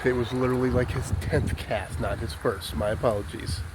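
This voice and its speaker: A man's voice: medium pitch, steady tone, brisk, heavy background noise. A man vlogging from his van and by the water, talking in a folksy, rambling way and calling his viewers "folk", filmed on a handheld phone. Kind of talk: casual vlog chat. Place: outdoors by water and inside a van.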